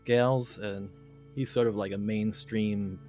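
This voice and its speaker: Male co-host, low voice, opinionated casual chatter. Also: steady tone, slow pace, mellow, soft background music. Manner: blunt opinions with frequent restarts. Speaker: podcast co-host. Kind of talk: casual chat giving opinions.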